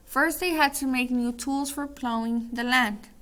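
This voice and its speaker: A woman's voice: high-pitched, steady tone, measured pace, fairly bright tone. A woman teacher running a call-and-response word drill, then reading a story aloud with small slips and restarts.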